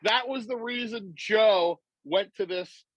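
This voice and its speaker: Brief: lively male storyteller, slightly high voice, dry close sound, does impressions. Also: slow, dry recording, muffled recording. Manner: animated, breaks into put-on voices and laughs. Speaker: podcast guest.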